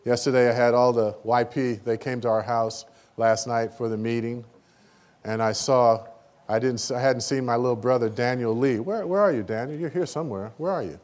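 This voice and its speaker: A medium-pitched man delivers an emotional, animated sermon at a church meeting. He breaks into abrupt loud peaks and falters, repeating words as he goes.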